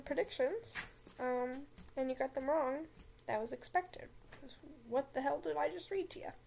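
A young woman hosts a podcast in a casual, jokey way. Her high voice keeps cutting itself off with nervous giggles and flustered asides. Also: a little mellow, slight background noise. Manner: giggly, self-interrupting, flustered. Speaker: podcast host. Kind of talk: casual comedic reading.

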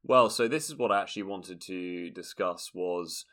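A man's voice: sits low, normal speed, fairly bright tone. A man co-hosting a podcast in casual comedic chat, playful and jokey. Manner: playful, jokey, puts on silly voices. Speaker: podcast co-host.

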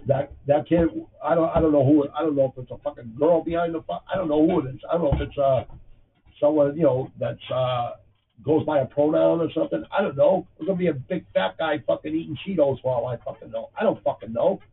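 A man in his fifties with a thick Boston accent talks bluntly and profanely, rambling from one thing to the next. His voice is gravelly, and it comes through a tinny, phone-like line from some distance off, with a faint hiss underneath. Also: on the high side, quick pace. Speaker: podcast host. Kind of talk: casual livestream chat.

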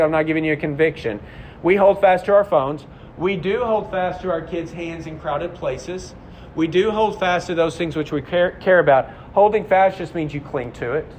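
Conversational man preaching a sermon. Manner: conversational, confessional, rhetorical questions. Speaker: pastor. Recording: slightly muffled sound with faint rumble.

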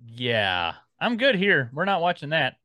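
A man's voice: fairly high pitch, huge pitch swings, measured pace, sharp tone, no echo. A man co-hosting a podcast in casual chat, rambling as he scrolls and reads out film listings. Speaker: podcast co-host.

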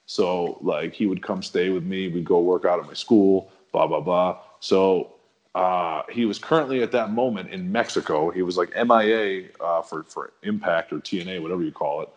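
A middle-aged man telling a long story in a relaxed, rambling, slangy way as a guest on a chat show. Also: sits low, normal speed. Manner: rambling, laid-back, slangy. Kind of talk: casual storytelling.

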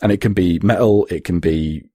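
A man with a husky voice, chatting casually on a podcast in a rambling, sweary way. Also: low voice, moderate pace, dark tone, dry recording, studio quality. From Britain. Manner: rambling, sweary, laughs often. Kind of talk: casual chat.

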